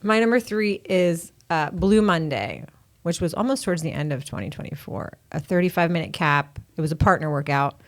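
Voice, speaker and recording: A woman with a somewhat low voice chats casually about favorite workouts. She tells stories in an animated way and laughs easily. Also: brisk. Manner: animated storyteller, laughing often. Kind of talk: casual chat.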